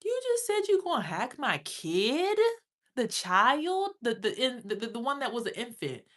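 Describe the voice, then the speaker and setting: A woman's voice: on the high side, very animated, a little slow, fairly bright tone. A woman streamer in an angry, profane rant, speaking with a confrontational edge. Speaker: livestreamer.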